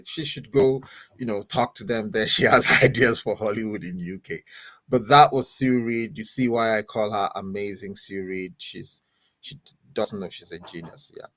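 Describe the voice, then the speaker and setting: A man's voice: fairly low pitch, lively intonation, normal speed, fairly bright tone, dry recording. A man hosting a podcast as pastor, rambling and chatty in a casual sign-off. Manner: rambling, chatty, often laughing. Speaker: host.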